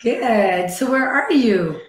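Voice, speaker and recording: A woman hosting a live stream, chatting casually with callers in a slightly hoarse voice, laughing often and calling people sweetie. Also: a little high, lively intonation, slow, echoey room. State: slightly hoarse from a croupy cold.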